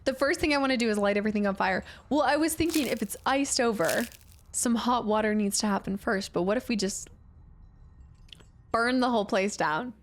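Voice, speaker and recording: A woman's voice: fairly high pitch, a little fast, slight background noise. A woman streaming a game live and chatting casually as she thinks aloud through puzzles. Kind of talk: live gameplay commentary.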